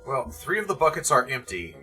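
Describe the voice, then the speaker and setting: A man narrating as game master of a tabletop game, describing scenes in a calm, matter-of-fact way. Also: mid-range voice, a little fast, breathy edge, faint music behind.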